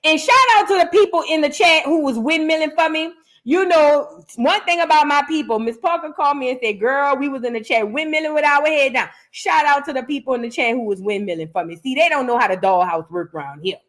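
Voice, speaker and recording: A woman's voice: sits high, fairly quick. A woman hosting a live reaction stream, chatting casually with viewers, telling stories with lots of acted-out quotes and calling everyone "girl.". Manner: animated storytelling, calls viewers "girl", acts out quotes. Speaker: host of a live reaction channel. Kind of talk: casual livestream chat.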